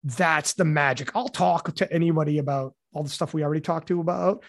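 Casting: male podcast host, slightly high voice, dry close sound, loose rambling delivery with casual swearing. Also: a little fast, vocal fry, dry recording. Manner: rambling, swears, many restarts and fillers.

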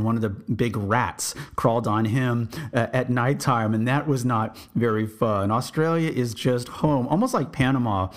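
A man from Texas recalls his army days at an easy, reflective pace. His voice sits at a middling pitch. He wanders through the story and often restarts his sentences. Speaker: podcast host and army veteran. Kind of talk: storytelling memoir.

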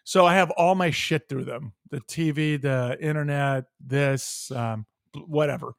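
An unhurried, gravelly, slightly high voice belongs to an American podcast co-host in an animated, profane rant. He tells a heated story by acting out both halves of a phone call, recorded dry with clean studio quality.

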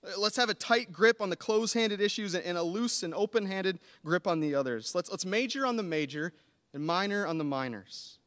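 A man in his thirties preaching a sermon, earnest and building to animated emphasis. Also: high-pitched. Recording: long hall reverb.

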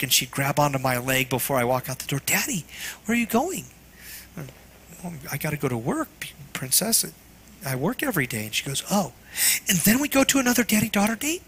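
A man preaching a sermon in an earnest, tender way, sometimes dropping to a hush. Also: a little high. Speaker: pastor.

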